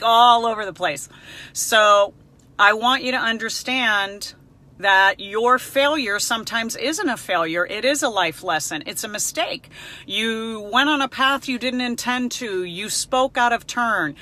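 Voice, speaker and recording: A woman hosting an advice talk, chatty and animated, who laughs readily as she speaks straight to her audience. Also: a little high. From Cuban heritage. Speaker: host.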